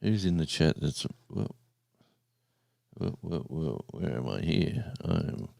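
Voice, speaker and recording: A man in his sixties, hosting a casual live stream, rambling and halting as he reads out the viewers' chat. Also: rumbling low, vocal fry, dark tone, no echo, clean studio sound. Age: 60s. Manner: rambling, halting, with many restarts and fillers.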